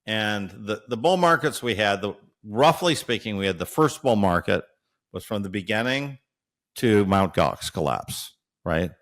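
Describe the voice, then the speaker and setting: Speaking a little slowly in a lowish, somewhat bright voice, this man sounds animated. As an interviewed analyst, he works through long explanations aloud, full of fillers, frequent hesitations, and tags like "right?".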